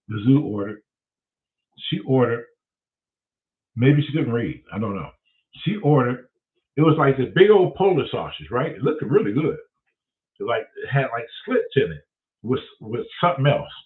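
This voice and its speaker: A man hosting his own show and telling a rambling, profane story in a casual monologue. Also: medium pitch. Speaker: show host. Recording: tinny phone-like sound.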